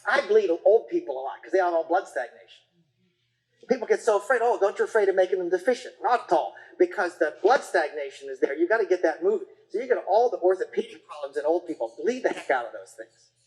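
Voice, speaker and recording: An acupuncture teacher giving a casual, rambling lecture, with frequent restarts and fillers and quick acted-out quotes of patients and parents. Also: mid-range voice, big pitch swings, poor audio.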